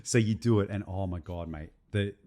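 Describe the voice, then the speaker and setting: A young man co-hosting a podcast, telling a story in an animated, profane, casual way. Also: deep voice, moderate pace. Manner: animated, swears freely, tells stories. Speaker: podcast co-host.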